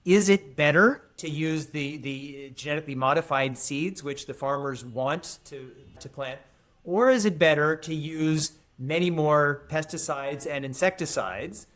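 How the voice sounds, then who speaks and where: Male guest, emphatic, repeats phrases for effect, slightly high voice. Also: measured pace, fairly bright tone. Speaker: historian and futurist guest. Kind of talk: podcast interview.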